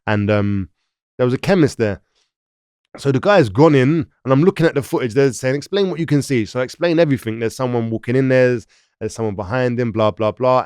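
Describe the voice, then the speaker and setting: A man in his thirties from London, England, with a London accent and a medium-pitched voice, tells his story as an interview guest. He's animated and acts out other people's lines, and the recording is studio quality with no room sound.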